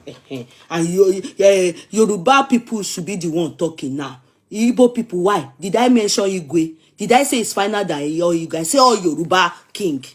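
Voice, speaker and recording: A woman with a Nigerian accent hosting a gossip stream, dramatic and animated, arguing back at viewers' comments. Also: on the low side, normal speed. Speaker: gossip channel host. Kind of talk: live chat commentary.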